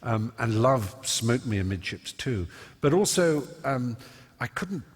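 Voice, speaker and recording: A man's voice: medium pitch, very animated, a little slow, breathy edge. A man, an on-stage interview guest telling stories eloquently and self-mockingly, with many fillers. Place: large concert hall stage. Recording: long reverb of a large hall.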